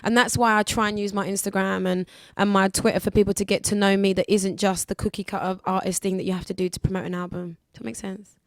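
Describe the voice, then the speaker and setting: Brief: woman, 20s, radio guest, candid and lively, dry close sound. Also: mid-range voice, quick pace, few pauses, dry recording. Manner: candid, lively, acts out other people's voices. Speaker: guest singer. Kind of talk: casual radio interview chat.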